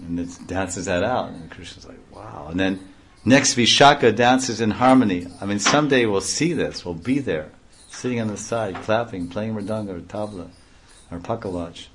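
A man's voice: lowish voice, normal speed. A man giving a devotional reading aloud, breaking off into offhand comments and explanations. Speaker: reader and speaker.

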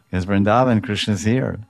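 A man giving a devotional talk, retelling scripture stories with animated voices and explaining Sanskrit terms, now and then chuckling. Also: lowish voice, vocal fry, no echo. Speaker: devotional speaker.

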